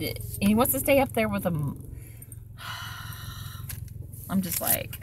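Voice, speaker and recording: A woman's voice: mid-range voice, animated, slow pace, long pauses, a little mellow, a little hiss or hum. A woman chatting casually in a vlog, rambling and swearing freely while sitting in her car at a drive-through. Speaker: vlogger.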